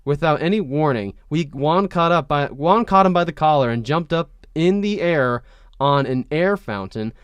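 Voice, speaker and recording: A man reads fan fiction aloud for laughs, hamming up the dialogue with mock-dramatic flair. His voice is smooth and resonant, pitched in a middle register, and sits close and dry on the mic. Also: lively intonation, moderate pace, no echo. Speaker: podcast host reading fan fiction aloud. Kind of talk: comedic dramatic reading.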